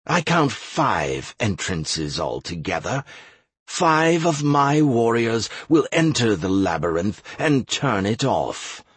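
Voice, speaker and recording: Guy doing a gruff stern leader, low and clipped, husky, dry. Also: big pitch swings, slow pace, no echo, full character voice. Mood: commanding.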